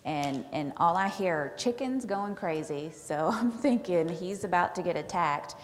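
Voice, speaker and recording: A woman on a conference panel telling a lively story and acting out the quoted lines. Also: on the low side, a little slow. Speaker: conference panelist, operations director. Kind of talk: telling an anecdote on stage. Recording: echoey conference hall.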